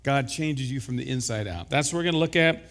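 A man preaching a sermon as pastor, slightly hoarse from illness, building to emphatic exclamations. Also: mid-range voice, brisk. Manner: emphatic, rising to loud exclamations.

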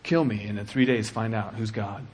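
A man preaching a sermon with passion, dropping to a hush and then rising to shouting. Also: on the low side, normal speed, slightly rough. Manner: impassioned, swings from hushed to shouting.

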